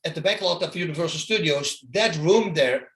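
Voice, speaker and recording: A former fighter appears as a guest in a casual interview, telling animated stories, imitating punch sounds, and laughing between phrases. His voice is on the high side and moves at normal speed.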